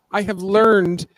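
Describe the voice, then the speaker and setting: A woman's voice: medium pitch, dry recording. A woman hosting a casual gardening livestream, chatty and laughing often as she retells stories. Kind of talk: casual live chat. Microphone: desk mic for livestream.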